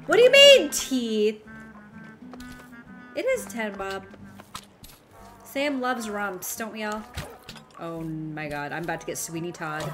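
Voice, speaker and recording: A woman's voice: mid-range voice, slow pace, pauses often. A woman streaming a video game, commenting playfully, giggling and reading signs aloud. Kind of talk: live gameplay commentary. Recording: game music playing behind the voice.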